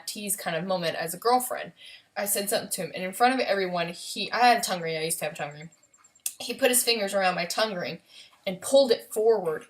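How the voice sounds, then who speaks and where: A young woman telling a painful personal story in a vlog, halting and emotional, with many pauses and fillers. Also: fairly low pitch, a bit bright. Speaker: vlogger.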